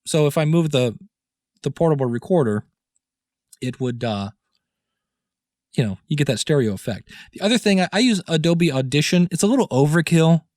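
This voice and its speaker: A fairly high-voiced man hosts a podcast tutorial in a loose, chatty way, full of "uh"s and "you know"s. He sounds close and dry, speaking right into a studio microphone in a small home studio. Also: expressive, normal speed, pauses often, darkish tone, dry recording. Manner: chatty, filler-heavy, demonstrating gear live. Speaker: podcast host. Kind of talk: casual how-to talk. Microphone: studio microphones switched live, dynamic and condenser.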